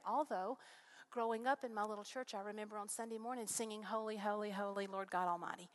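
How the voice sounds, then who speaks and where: A middle-aged woman speaking to a congregation, telling her faith story in an earnest, animated way, voice rising when excited. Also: mid-range voice, fairly quick. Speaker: guest speaker. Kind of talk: testimony sermon.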